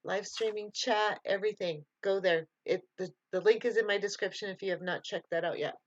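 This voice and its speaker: A woman's voice: mid-range voice, steady tone, brisk, no echo, lo-fi sound. A woman hosting a casual live stream, chatting loosely, laughing often and answering viewer comments.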